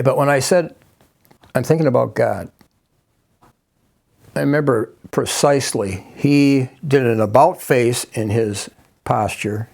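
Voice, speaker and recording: An older man from Wisconsin, a guest telling a personal story in a halting way, full of restarts and asides. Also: mid-range voice, vocal fry, darkish tone.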